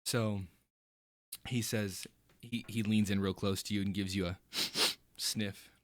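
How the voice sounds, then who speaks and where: A man narrating a tabletop game as game master, relaxed, with many fillers. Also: fairly low pitch, takes it slowly, dry recording.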